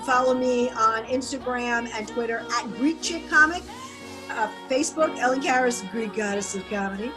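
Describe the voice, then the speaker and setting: Woman, New York accent, interview host, lively and friendly, somewhat high voice, clear music in the background. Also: moderate pace. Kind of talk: casual interview chat.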